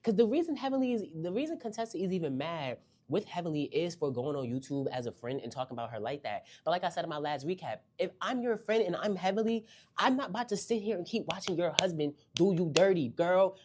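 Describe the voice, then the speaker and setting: A young woman casually recapping a reality TV episode, sassy and animated, swooping up high for emphasis. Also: quick pace.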